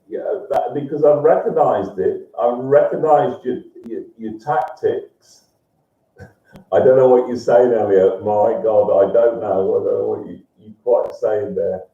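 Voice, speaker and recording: A man hosting a live stream, rambling as he reads viewers' messages and breaking into loud, sweary rants. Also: medium pitch. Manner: swings into loud swearing rants, laughs a lot. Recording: roomy, distant, dull lo-fi sound.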